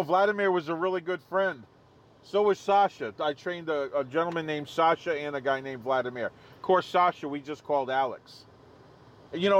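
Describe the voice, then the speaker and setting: A man hosting a live stream outdoors, joking casually and laughing at his own jokes. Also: fairly high pitch. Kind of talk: casual livestream commentary.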